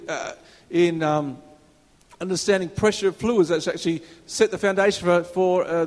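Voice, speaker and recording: A man's voice: sits high, a little mellow. A man preaching a sermon as a minister, in a conversational way with rhetorical questions, recorded in a church hall. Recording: reverberant hall.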